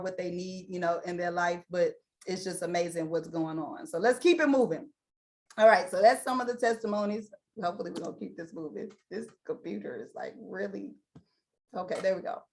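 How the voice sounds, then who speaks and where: A woman hosting an online presentation on a video call, energetic and chatty with laughing asides. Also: medium pitch. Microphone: computer mic, sharing screen.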